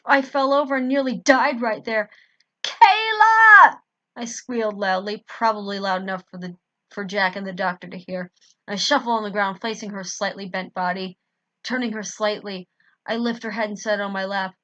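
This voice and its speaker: A woman reads a fan story aloud in first person, pausing to fix her own slips. Her voice is bright and clear-toned. The recording is dry and a little dull. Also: mid-range voice, no echo. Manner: stops to correct her misreadings. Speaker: fan fiction reader. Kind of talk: amateur story reading.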